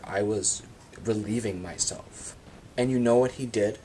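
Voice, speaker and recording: A man telling absurd comic stories about his free time in a deadpan monologue. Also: on the low side, moderate pace, slight background noise. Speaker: vlogger.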